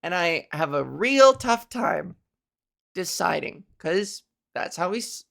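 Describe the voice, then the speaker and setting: A woman's voice: fairly low pitch, sing-song, slow pace, gravelly. A woman comedian hosting her own podcast, rambling in a profane, self-mocking casual chat. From Canada.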